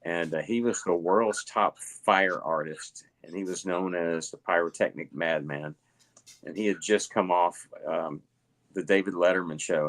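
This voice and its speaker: A middle-aged man with a Southern US accent, telling stories at a relaxed pace with lots of fillers as a guest in an interview. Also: low voice. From Alabama. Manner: rambling, relaxed storytelling with many fillers. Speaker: guest, illusionist. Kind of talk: casual interview chat.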